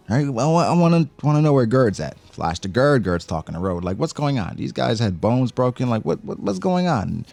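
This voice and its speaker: Animated man breaking down a manga chapter. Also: fairly low pitch, no echo. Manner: animated, slangy, acts out character quotes. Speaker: anime reaction host.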